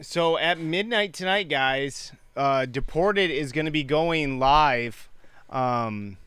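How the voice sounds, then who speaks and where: Male host, bright voice, crisp, relaxed, live show. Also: fairly high pitch, takes it slowly, dry recording.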